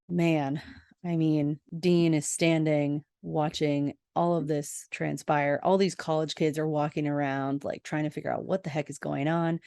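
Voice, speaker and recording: Low-voiced woman recapping a TV episode. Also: no room sound, studio quality. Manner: expressive, gasps and exclaims while retelling. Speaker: podcast host.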